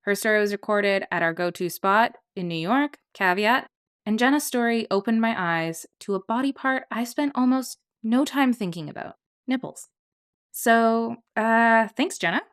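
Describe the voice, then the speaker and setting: A woman's voice: on the high side, clear, resonant tone. A woman hosting a podcast, giving an upbeat, lightly joking scripted introduction. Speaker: podcast host.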